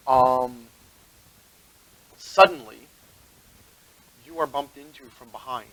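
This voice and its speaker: A man's voice: medium pitch, pushed and bright, rough recording. Chatty man running a tabletop game. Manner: rambling, chatty, laughs often. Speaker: game master.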